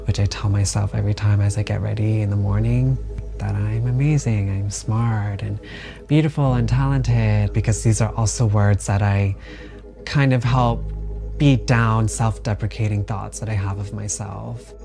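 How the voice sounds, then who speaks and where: Earnest low-voiced man over music. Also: fairly even intonation, normal speed, gravelly. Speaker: interviewee. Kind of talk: documentary interview. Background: background music.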